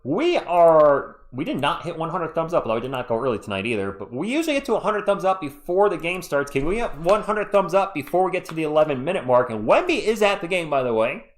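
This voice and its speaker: With a fairly high, sing-song voice, this man rattles off fan play-by-play of a basketball game at a quick pace with hardly any pauses. He hosts the live stream, reads chat between calls, stays chatty, and sounds a little congested.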